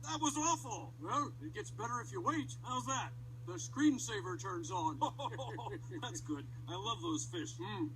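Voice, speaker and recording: Men voicing cranky old male puppet hecklers who trade sarcastic insults and bad puns in a creaky, cackling voice. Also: high-pitched, animated, unhurried, a crowd in the background, low-quality recording. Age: older.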